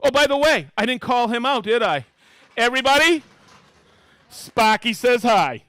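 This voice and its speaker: A man hosting a live tool demonstration stream, talking excitably, laughing often and calling out to the room as he reads viewer shout-outs. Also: very high voice, moderate pace, dry recording.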